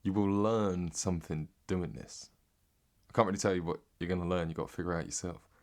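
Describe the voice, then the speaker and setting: An English man in a rambling, sweary deadpan comic monologue. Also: low-pitched, fairly quick. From Britain. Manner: rambling and sweary, drifting into mock accents. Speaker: comedic monologue host.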